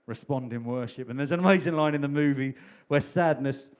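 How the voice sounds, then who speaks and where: A man's voice: medium pitch, a little fast, smooth. A man preaching a sermon in a chatty, humorous way, repeating key phrases for emphasis. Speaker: pastor.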